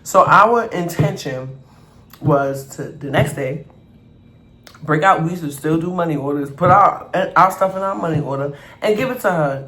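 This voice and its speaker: A man vlogger telling a storytime over an eating show, animated and acting out the people in his story. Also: high voice. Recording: echoey room, faint background noise.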